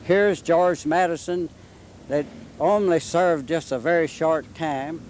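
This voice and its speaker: A man's voice: a little high, fairly even intonation, slow, a little mellow, slight background noise. A man, guiding a casual history chat in a historic house and drifting into anecdotes. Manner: folksy, anecdotal, drifts into side stories. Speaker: local history guide.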